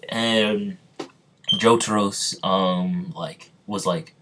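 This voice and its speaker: A man improvising a fan story as narrator, halting often with ums and restarts. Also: on the low side, a bit bright, a little hiss or hum.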